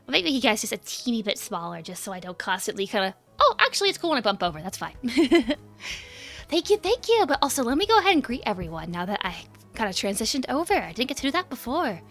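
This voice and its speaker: Bright, high-pitched bubbly streamer woman. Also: sing-song, fast talker, faint music behind. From United States. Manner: bubbly, giggly, greets chat by name. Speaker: VTuber streamer. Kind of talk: casual stream chat.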